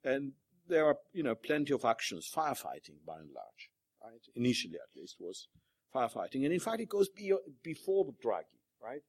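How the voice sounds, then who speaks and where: A man's voice: mid-range voice, very animated, a little fast, gravelly, no room sound. A man giving an academic presentation at a panel, hesitant with many fillers and restarts. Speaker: panel speaker.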